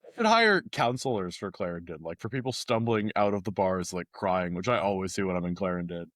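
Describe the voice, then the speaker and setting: A man co-hosting a local news podcast, chatting casually and joking with quick put-on voices. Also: low voice, no room sound. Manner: joking, animated voice impressions. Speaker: podcast co-host, journalist.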